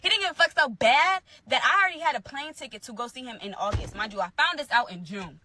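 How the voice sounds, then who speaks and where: A young adult woman telling a personal story in a casual, animated way to her followers. She repeats phrases for emphasis. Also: sits high, quick pace, slight background noise. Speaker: storyteller in a social media clip.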